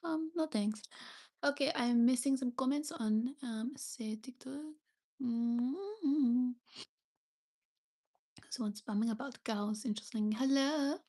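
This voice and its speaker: Chatty French-accented woman, fairly high voice. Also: slow pace, long pauses, warm tone. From France, Paris. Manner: chatty, frequent ums and restarts. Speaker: livestream host. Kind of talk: casual livestream chat reading comments. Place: seated on her bed indoors. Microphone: phone.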